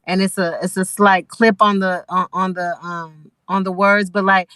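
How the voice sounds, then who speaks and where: A woman's voice: medium pitch, little pitch movement, normal speed, bright, forceful tone, no echo, low-quality recording. A woman from Los Angeles, a guest musician, talking casually and thoughtfully with lots of restarts over a video call. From Los Angeles, USA. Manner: talkative, thoughtful, many restarts. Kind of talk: casual chat.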